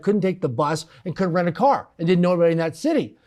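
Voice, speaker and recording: In a rapid-fire delivery with a highish pitch, a male podcast guest tells a casual story from his business life. He plays out the quoted lines of the characters with lively animation.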